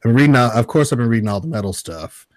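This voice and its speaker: A man in his thirties co-hosting a casual podcast, relaxed and rambling with enthusiasm. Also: medium pitch, fast, dry recording, studio quality. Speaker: podcast co-host.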